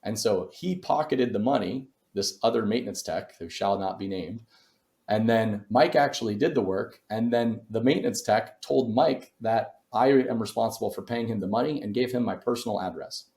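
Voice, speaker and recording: A man's voice: on the low side, normal speed, a little mellow, reverberant. A man telling a story as a real estate investor guest in a podcast interview, speaking emphatically and in a motivational way.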